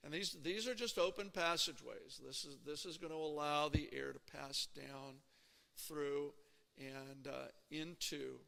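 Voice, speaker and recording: Male lecturer, a bit high in pitch with some fry, casual teaching tone, echoing hall. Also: unhurried, sharp tone. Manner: conversational, checks in with frequent "okay?" and "right?". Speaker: anatomy lecturer. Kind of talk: classroom lecture.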